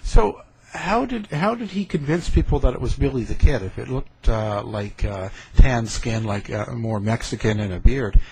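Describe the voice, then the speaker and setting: A man's voice: mid-range voice, expressive, moderate pace, gravelly, hardly any pauses, a little mellow, a little hiss or hum, low-quality recording. A man interviewing a guest, asking questions with many hesitant fillers.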